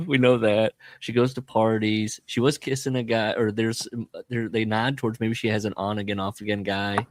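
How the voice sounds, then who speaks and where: A man's voice: lowish voice, steady tone, normal speed, hardly any pauses, no echo. A man hosting a podcast, chatting casually about a film and acting out the characters' lines as he retells it. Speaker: podcast host.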